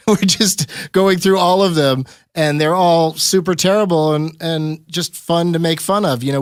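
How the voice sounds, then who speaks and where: A man hosting a casual podcast, relaxed and laughing often, with plenty of fillers. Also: mid-range voice, no room sound, studio quality. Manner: laid-back, laughs often, lots of fillers. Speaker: comedian and podcast host.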